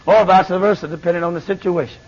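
Fiery preacher with gravelly voice. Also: male voice, steady tone, fast talker. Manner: dramatic, swings from shouts to low murmurs. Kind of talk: fiery sermon. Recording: dull lo-fi sermon recording.

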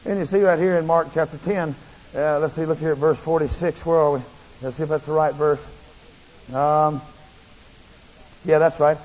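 A male preacher giving a fervent, repetitive sermon that rises into shouts. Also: a little high, steady tone, moderate pace, long pauses. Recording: muffled, long hall reverb.

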